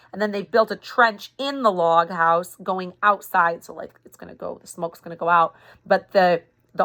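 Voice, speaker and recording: A woman's voice: lowish voice, a bit bright. A woman reading a chapter book aloud to a youth group, breaking off now and then with chatty explanations. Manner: chatty, explains and rereads slips. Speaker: reader for a youth club. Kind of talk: reading a novel aloud with casual asides.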